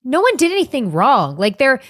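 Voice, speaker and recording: A woman's voice: high voice, wildly swooping pitch, fairly quick, a bit bright, no echo, studio quality. A woman guest on a podcast, speaking earnestly and emphatically in casual chat.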